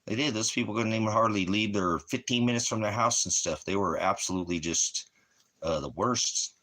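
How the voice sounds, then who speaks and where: A man's voice: lowish voice, fairly quick, fairly bright tone. A man hosting an internet ministry channel, talking in a rambling online monologue that keeps drifting into jokes he laughs at himself.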